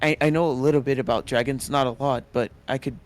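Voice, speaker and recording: A man's voice: mid-range voice, fairly even intonation, fast. A man voicing his character in a tabletop game, polite and hesitant. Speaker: player.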